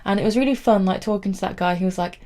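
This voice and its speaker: A woman's voice: mid-range voice, racing, warm tone. A young woman chatting to camera in a rambling storytelling way, saying "like" often. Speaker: vlogger.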